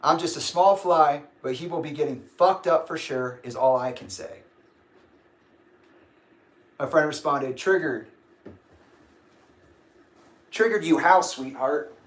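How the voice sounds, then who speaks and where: Young male streamer, grumpy and rambling, fairly high voice, echoey room. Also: measured pace, long pauses. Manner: grumpy, rambling, laughs often. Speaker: livestream host. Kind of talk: casual livestream chat.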